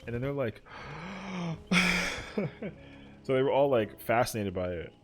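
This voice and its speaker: A man's voice: mid-range voice, big pitch swings, slow pace, a bit bright, soft background music. A young man streaming a game, chatting casually and rambling with lots of "like" fillers. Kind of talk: casual chat while gaming.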